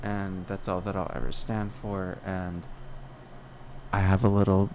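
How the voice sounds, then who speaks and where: A young man hosts a solo podcast, musing through a personal monologue in a rambling, self-questioning way packed with restarts and fillers. His voice is low and flat, his pace unhurried, with background noise behind him.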